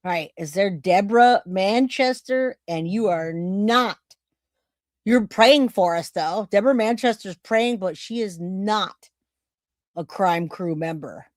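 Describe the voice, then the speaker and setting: A woman's voice: medium pitch, slow pace, no echo, clean studio sound. A woman hosting a true crime livestream, talking casually and directly to her chat viewers.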